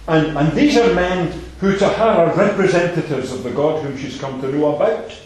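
A man's voice: fairly high pitch, lively intonation, normal speed. Emphatic male preacher in echoey hall. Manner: emphatic, repeats phrases, swings between loud and soft. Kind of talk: sermon.

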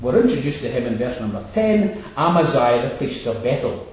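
A man's voice: mid-range voice, very animated, moderate pace, darkish tone. A man preaching an expository sermon, stressing points and repeating phrases as he builds. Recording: echoey hall, distant dull lo-fi mic.

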